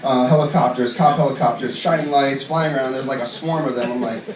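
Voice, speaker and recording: A young man from upstate New York doing a stand-up comedy set, telling a loose, rambling story full of fillers and breaking into quick voices for the people in it. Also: mid-range voice, fairly even intonation, a little hiss or hum. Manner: acts out other people in quick put-on voices. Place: comedy club stage. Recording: roomy club sound from a distant mic, audible ambience. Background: crowd laughter.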